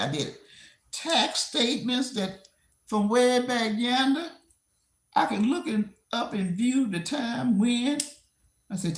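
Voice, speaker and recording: A woman talks casually to her livestream viewers while she tidies her desk at home. She circles back over the same points and laughs easily. Her voice sits at an everyday pitch, and the room adds a noticeable echo. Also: expressive, measured pace, pauses often. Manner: rambling and repetitive, with frequent laughs. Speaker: livestream host. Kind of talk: casual live-stream chat. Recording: roomy echo.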